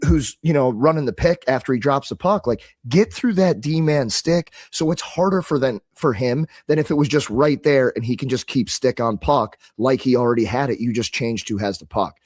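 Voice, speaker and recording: A man co-hosting a podcast, giving casual hockey coaching advice with lots of fillers and animated asides. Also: medium pitch, no echo. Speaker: podcast co-host. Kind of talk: casual hockey tactics chat.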